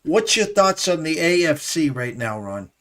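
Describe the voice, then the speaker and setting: A man hosting a sports betting show, talking in a halting way with many fillers and stammered restarts. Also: a little high, big pitch swings, sharp tone. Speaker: host. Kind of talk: casual sports betting talk.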